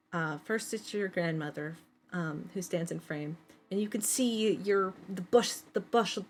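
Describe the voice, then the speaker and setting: A woman narrating as game master of a tabletop game, halting with many fillers. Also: on the low side, a little hiss or hum.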